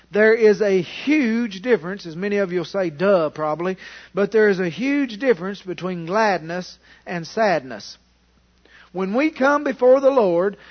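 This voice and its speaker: Fervent high-voiced preacher. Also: male voice. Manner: fervent, rising to loud exclamations, with restarts. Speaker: pastor. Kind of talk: sermon. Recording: dull lo-fi sound.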